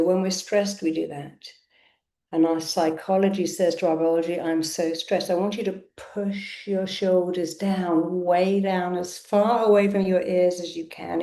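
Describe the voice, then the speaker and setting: A woman's voice: lowish voice, warm tone, roomy sound. A woman therapist leading a live online session, coaching listeners through a self-help exercise and repeating affirmations with emphasis.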